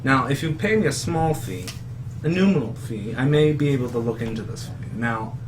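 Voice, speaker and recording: A boastful wandering monster hunter, pompous and wheedling, who rambles on about his professionalism and his fee, as a player puts him on. The voice sits at a middling pitch, with faint noise behind it. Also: animated, a little fast, close to an everyday voice. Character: smooth-talking male monster hunter and bard, boastful.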